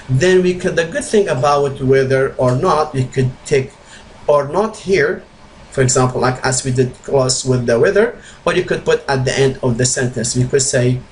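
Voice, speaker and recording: A male English teacher explaining grammar step by step, slow and repetitive, with non-native slips in his phrasing. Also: on the high side, a little hiss or hum, rough recording. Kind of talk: grammar lesson.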